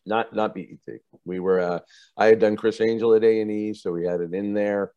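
Give me a man with a low voice, a TV producer animatedly telling interview stories, recorded dry. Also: brisk, clean tone, no room sound, highs cut off. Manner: animated, acts out quoted voices, laughs often. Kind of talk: casual interview storytelling.

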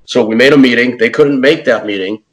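A man telling a story as an interview guest in a casual, animated way, acting out quotes in other voices and saying "man" and "dude" often. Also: mid-range voice, brisk, poor audio. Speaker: podcast host.

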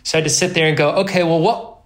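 A pro snowboarder in his thirties appears as a guest on an interview podcast, telling a personal story in a rambling, self-deprecating way full of lively quoted asides. He speaks rapid-fire with a fairly high pitch.

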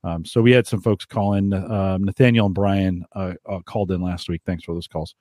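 A man's voice: sits low, fairly even intonation, normal speed, a little mellow, dry recording, studio quality. An American man hosting a gadget podcast in casual chat, chatty and laughing often, with many restarts. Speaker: podcast host.

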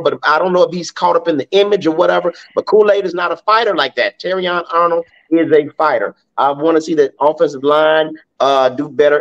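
A man's voice: fairly high pitch, highs cut off. A man giving his blunt, emphatic take as a panelist on a casual sports talk podcast. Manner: blunt and emphatic, talks straight to the fans.

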